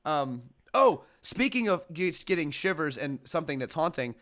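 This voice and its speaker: A man's voice: on the high side, very animated, moderate pace, a bit bright. A man co-hosting a movie podcast in casual chat, hesitant and rambling as he shares his opinions. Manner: chatty, hesitant, lots of fillers and restarts. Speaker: podcast co-host.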